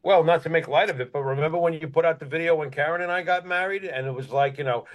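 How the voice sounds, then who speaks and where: A man co-hosting a casual talk show, blunt and sarcastic, who swears freely and tells stories in an animated way. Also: on the high side, quick pace, rough recording. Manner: animated when telling a story. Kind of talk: casual conversational storytelling.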